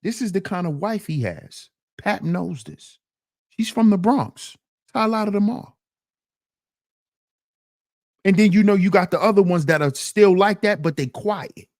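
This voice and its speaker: A man's voice: high-pitched, moderate pace, darkish tone. A man hosting a commentary channel, talking in a casual, slang-heavy, emphatic way.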